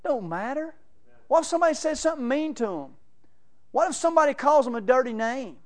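A man's voice: very high-pitched, sing-song, a little fast. A man preaching a sermon, telling folksy stories and laughing between them. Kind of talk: sermon with storytelling.

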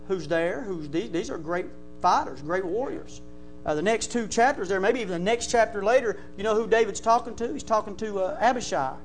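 A male pastor, preaching a folksy sermon that builds into shouting. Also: high voice.

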